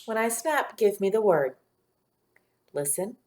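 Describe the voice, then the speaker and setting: A woman teaching a phonics lesson to young children in a patient, clear teacher voice, sounding out letters one by one. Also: medium pitch, animated, a little slow, pauses often, a little mellow.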